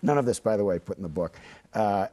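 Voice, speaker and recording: Fifty-something guy from the midwest telling stories on a tv interview, lowish voice, lots of ums. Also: lively intonation, fast talker, dark tone, husky. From Chicago. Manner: hesitant, many fillers and restarts. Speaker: journalist guest. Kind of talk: studio interview, relaxed storytelling. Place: TV studio.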